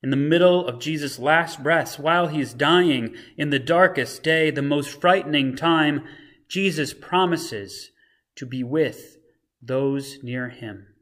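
Earnest higher-voiced male pastor. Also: fairly bright tone. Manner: measured, earnest reflection with dramatic readings of quoted lines. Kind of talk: scripture reading and short devotional sermon.

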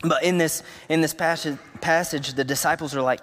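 A youth pastor preaching a sermon, telling personal stories in a conversational, emotional way. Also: male voice, a little high, fairly even intonation, a little fast, hardly any pauses, fairly bright tone, in a large hall, slight background noise.

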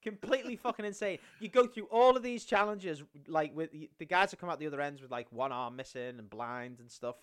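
A man telling stories in casual podcast chat, animated and swearing a lot, acting out scenes. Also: fairly high pitch, fairly quick, hardly any pauses, clean tone. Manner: animated storytelling, swears often, acts out scenes. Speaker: podcast co-host.

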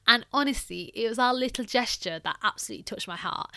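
Bright-voiced young woman telling a story. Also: a little high, lively intonation, quick pace, vocal fry, clear, resonant tone, dry recording, studio quality. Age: young adult. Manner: chatty, heavy use of like and you know. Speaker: podcast host. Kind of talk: personal storytelling.

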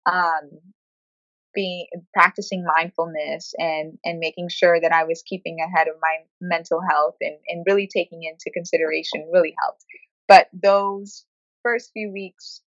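A woman speaking frankly in a conversational interview, telling her story with animated quoted asides. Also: on the low side, a little slow, dry recording, lo-fi sound. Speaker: guest sharing her experience.

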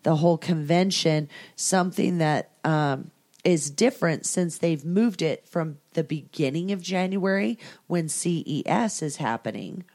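A woman's voice: sits low, a little slow, darkish tone. A woman hosting a casual adult podcast, bubbly and laughing often, swearing freely. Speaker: podcast host.

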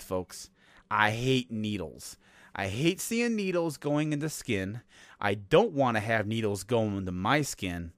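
A man's voice: medium pitch, no echo. Sarcastic American man hosting a podcast. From United States. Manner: sarcastic, lively storytelling with asides. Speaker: podcast host. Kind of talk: casual monologue.

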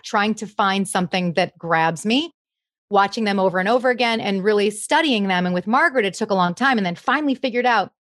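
Animated woman, dry close sound. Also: mid-range voice, no room sound. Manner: animated, laughs often, slips into brief impressions. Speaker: impressionist guest. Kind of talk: casual interview chat.

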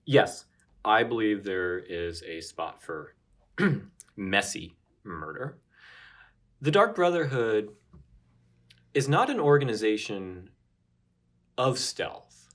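A man's voice: on the low side, sing-song, takes it slowly, pauses often, fairly bright tone. A man co-hosting a casual chat, tossing out dry wisecracks and musing aloud. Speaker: podcast co-host.

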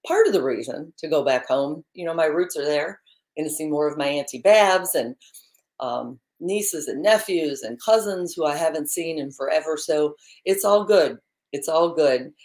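A woman co-hosting a morning live stream in a bubbly, chatty way, laughing often, talking into a laptop microphone. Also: low voice. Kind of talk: casual live-stream chat.

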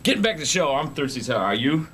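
A man's voice: mid-range voice, big pitch swings, very fast, fairly bright tone. A man who owns a music store, hosting a casual local TV show from the store, joking around, tired and out of breath. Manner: joking, rambling, playful. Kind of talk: casual on-camera banter and phone calls.

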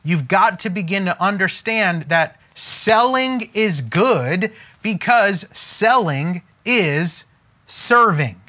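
A man giving an emphatic, preacher-like motivational talk as a business coach, slowing down to stress key phrases. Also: high-pitched, lively intonation, sharp tone.

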